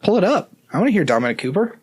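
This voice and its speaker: A man's voice: sits high, very animated, rapid-fire, a little mellow, slightly rough. A man co-hosting a podcast in casual chat, with dry sarcastic teasing. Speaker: podcast co-host.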